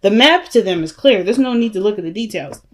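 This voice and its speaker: A woman's voice: mid-range voice, lively intonation, fairly quick. A woman giving a casual tarot reading to her viewers, chatty and emphatic, calling them family and y'all. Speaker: tarot reader.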